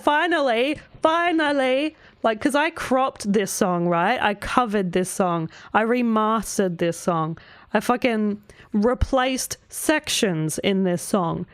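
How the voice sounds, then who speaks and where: A woman's voice: medium pitch, dry recording, studio quality. A woman vlogger chatting casually, rambling with lots of fillers, asking "right?" and swearing freely. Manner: rambling, filler-heavy, often asks 'right?'. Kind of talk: casual chat.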